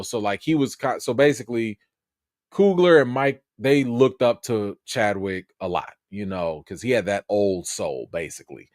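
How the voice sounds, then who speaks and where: A man's voice: on the low side, moderate pace, dry recording, studio quality. A man hosting a casual movie news livestream, talking in a slangy, chatty way. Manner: animated, talks back to the listener, slangy.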